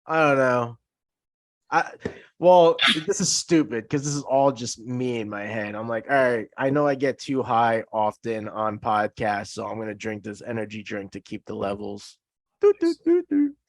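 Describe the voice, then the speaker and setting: A man's voice: mid-range voice, dry recording, studio quality. A man as a podcast guest in casual chat, laid-back and rambling, often laughing.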